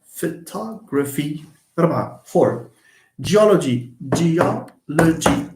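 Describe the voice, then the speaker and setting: A man's voice: a little high, darkish tone. A man teaching English word stress in a live lesson, slipping into Arabic and mimicking wrong pronunciations. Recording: roomy echo.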